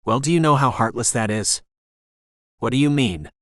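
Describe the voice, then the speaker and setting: A man's voice: mid-range voice, animated, normal speed, a bit bright, no echo, studio quality, lightly acted. A man voicing a blunt, resolute adult man in an audiobook romance, speaking firmly and directly. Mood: insistent. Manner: firm and direct. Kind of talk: audiobook character voice.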